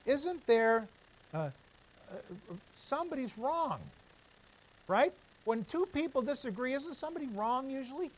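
A man's voice: extremely high pitch, unhurried, low-quality recording. A male pastor preaching a sermon, telling stories and asking rhetorical questions. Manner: storytelling, animated, asks the room rhetorical questions.

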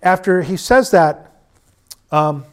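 A middle-aged man preaching a sermon, swinging between loud urging and quiet storytelling. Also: high voice, expressive, slow pace.

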